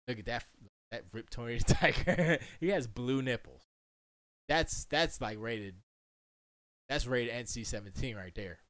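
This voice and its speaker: An animated man chatting on his own livestream from a home studio. His pitch leaps all over the place as he jokes and riffs, and the sound is dry and close with no room echo. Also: measured pace. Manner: animated and joking, jumps into silly quoted voices. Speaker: livestream host. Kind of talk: casual livestream commentary.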